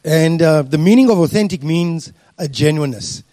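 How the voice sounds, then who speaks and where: A man giving a sermon, speaking deliberately with frequent fillers and restarts. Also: a little high, dark tone, no echo. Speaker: preacher.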